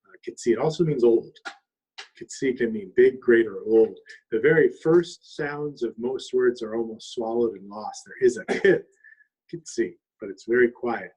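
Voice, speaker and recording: Guy explaining songs and words, soft and husky, lots of little uh pauses. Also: medium pitch, poor audio. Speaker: singer and language teacher. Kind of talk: relaxed spoken explanation. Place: longhouse.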